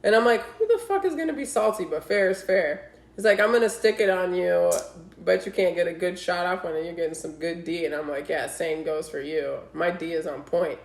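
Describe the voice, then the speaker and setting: A woman's voice: lowish voice, moderate pace, vocal fry. A woman co-hosting a casual podcast, telling dating stories and acting out the texts with lots of swearing. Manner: animated storytelling, acting out quoted texts, heavy swearing. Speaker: podcast co-host. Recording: roomy echo.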